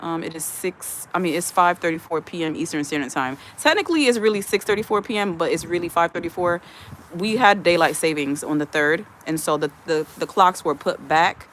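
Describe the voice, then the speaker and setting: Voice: medium pitch, fairly quick, fairly bright tone, a little hiss or hum. A host chatting casually on a livestream from outdoors, greeting viewers one by one and reading their comments aloud into a phone. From USA. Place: outdoors in the evening, chilly. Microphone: phone camera, speaker behind it.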